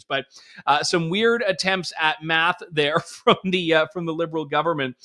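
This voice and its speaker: Male host, bright high voice, sarcastic chuckling political commentary. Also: animated, normal speed.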